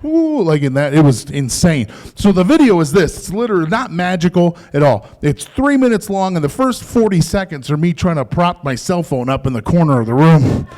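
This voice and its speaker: A man's voice: on the high side, sing-song, brisk, hardly any pauses, darkish tone. Profane stand-up comic man on stage. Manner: profane, conversational, mocking quoted voices. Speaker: stand-up comedian. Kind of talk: stand-up comedy set. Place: comedy club stage.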